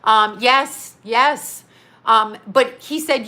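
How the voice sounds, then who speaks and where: A woman in her forties chats into her phone camera from a small home studio. Her voice is bright and a touch high. She talks bluntly and rambles, laughing often between thoughts. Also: lively intonation, slow. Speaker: psychic medium and vlogger. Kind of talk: casual livestream chat.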